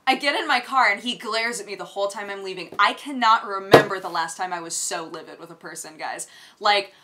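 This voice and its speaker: A young woman hosting a casual daily vlog, telling a story in a lively, exasperated way. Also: medium pitch, a little fast, heavy background noise. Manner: gets loud and exasperated retelling a rant. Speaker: vlog host.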